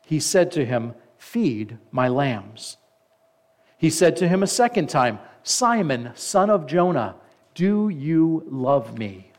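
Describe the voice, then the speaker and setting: A man preaching a sermon. He reads scripture aloud, slows down for the quoted lines, and stops now and then to comment. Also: a little high, very animated, a little mellow. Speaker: pastor.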